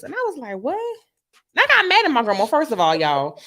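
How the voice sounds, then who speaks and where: A woman sex educator, chatting on a radio show as an animated, loud storyteller with salty slang. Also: high-pitched, moderate pace. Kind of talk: casual radio chat.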